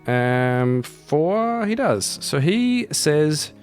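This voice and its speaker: A man's voice: a little high, very animated, drawn-out words, darkish tone, faint music behind. Man narrating a solo tabletop game. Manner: thinking aloud, rambling. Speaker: podcast host and solo player.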